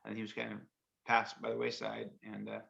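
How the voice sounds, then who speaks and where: A man's voice: on the low side, monotone, fairly quick, gravelly, fairly bright tone, breathy edge, dull audio. A man co-hosting a casual chat over a video call. He reads out movie quotes and rambles, often trailing off mid-sentence. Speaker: co-host.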